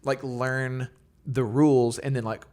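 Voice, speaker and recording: Young male worship songwriter, podcast guest; casual, animated, filler-heavy storyteller, average pitch. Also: a little slow.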